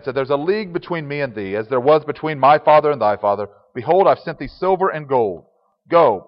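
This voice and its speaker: A man's voice: a little high, muffled recording. Man preaching in a reverberant hall. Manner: conversational, chuckling asides. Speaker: pastor. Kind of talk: sermon.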